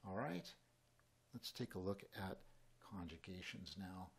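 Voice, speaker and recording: A man teaching a Spanish grammar lesson in at a whiteboard, explaining in a relaxed, chatty way with small asides. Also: low-pitched, a little slow, vocal fry, slightly rough.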